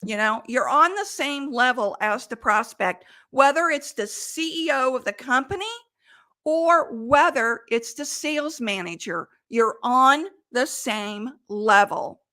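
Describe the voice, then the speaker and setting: A woman sales coach giving advice in an emphatic, deliberate way. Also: fairly high pitch, animated, bright, forceful tone. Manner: emphatic, deliberate delivery with quoted examples. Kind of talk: coaching monologue.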